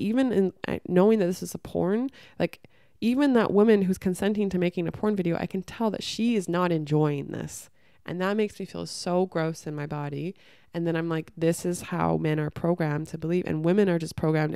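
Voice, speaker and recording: A young adult woman with a low, gravelly voice, talking frankly as a podcast host. She swears without hesitation and leans on "like" in nearly every sentence. She tells her stories with animated, acted-out reactions, and the sound is close and dry. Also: dry recording. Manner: blunt, swears freely, heavy use of "like"; animated storytelling, acts out her own reactions. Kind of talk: candid casual chat.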